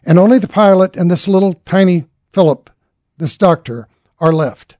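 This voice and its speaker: A man's voice: high voice, normal speed, a little mellow, dry recording, studio quality. A man telling a dramatic story in an earnest way, acting out the characters' lines as he goes.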